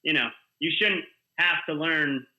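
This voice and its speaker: A man, a guest coach, telling animated stories with lots of fillers in a casual podcast chat. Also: on the high side, unhurried, dull audio. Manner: animated storyteller, filler-heavy. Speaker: guest, kids jiu-jitsu coach.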